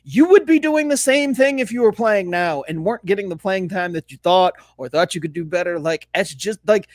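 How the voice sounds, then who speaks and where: A man's voice: high voice, lively intonation, a little fast, no room sound, clean studio sound. A man co-hosting a sports podcast, talking in a fired-up, profane, casual rant. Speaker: podcast co-host.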